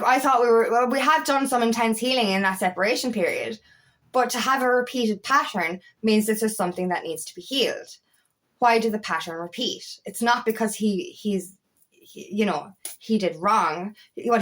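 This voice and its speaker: A woman's voice: a little high, a bit bright. A woman talking as an empowerment coach in a personal vlog, candid and emphatic, swearing freely as she speaks.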